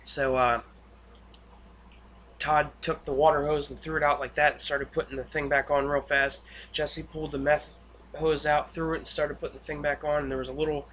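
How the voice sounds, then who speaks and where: Bright-voiced man rambling through a recap. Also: fairly high pitch, moderate pace, a little hiss or hum. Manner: rambling, filler-heavy retelling with excited asides. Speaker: TV episode reviewer. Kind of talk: casual spoken episode recap.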